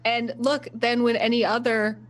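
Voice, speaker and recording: A woman's voice: fairly high pitch, little pitch movement, moderate pace. A woman player talking in character, playful and coaxing. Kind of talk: in-character game talk.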